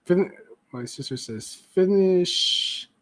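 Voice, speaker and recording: A man hosting a casual art podcast, chatty and quick to laugh, often trailing off mid-sentence. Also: high voice, lively intonation, dry recording. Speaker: podcast host. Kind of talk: casual chat.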